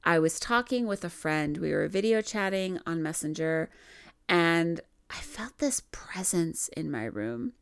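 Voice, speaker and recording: A woman's voice: on the low side, animated, unhurried, clear, resonant tone. A woman from Minnesota hosting a podcast, telling personal stories in a chatty, laughing way. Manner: chatty, laughing often, frequent "like" fillers. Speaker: podcast host. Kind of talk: casual spiritual storytelling.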